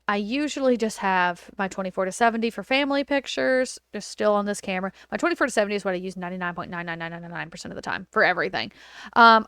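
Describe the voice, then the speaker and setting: A wedding photographer hosts a laid-back podcast from home, telling a story or answering a question in an animated, chatty way full of fillers and quoted dialogue. Her clear, resonant voice sits at a middle pitch and sounds dry and close to the mic, with no room echo.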